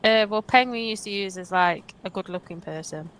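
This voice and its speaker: A woman's voice: medium pitch, normal speed, a bit bright, clean tone. A woman co-hosting a gaming stream, chatting casually in a blunt, teasing way and swearing freely. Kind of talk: casual chat while gaming.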